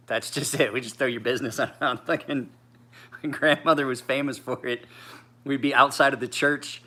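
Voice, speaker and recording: A man's voice: mid-range voice, bright, forceful tone. A man in his forties, tired, chatting casually as a knife sharpener in a rambling, profane, laid-back way. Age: 40s.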